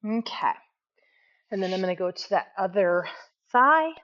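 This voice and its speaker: A woman's voice: mid-range voice, lively intonation, normal speed, a bit bright. Woman guiding yoga with dull sound. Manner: casual, self-deprecating, talks while moving. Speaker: yoga teacher. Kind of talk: guided yoga instruction.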